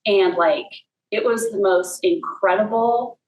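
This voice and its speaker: A woman's voice: medium pitch, slow pace, darkish tone, roomy sound, rough recording. A woman telling a personal faith story in a casual way, full of fillers and "like". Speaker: guest.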